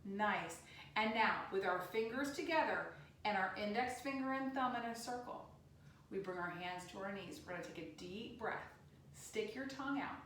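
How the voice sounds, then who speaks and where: A woman teaching a yoga class for children, giving gentle sing-song instructions. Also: medium pitch, moderate pace, a little hiss or hum. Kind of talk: guided kids' yoga class. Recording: echoey room, distant mic.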